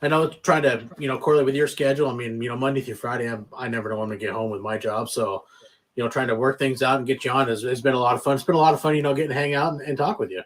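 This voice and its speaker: A man's voice: medium pitch, rapid-fire. A man hosting a casual podcast and closing out the episode in an easygoing, filler-heavy way. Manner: relaxed, easygoing sign-off with fillers. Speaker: podcast host. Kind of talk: casual chat.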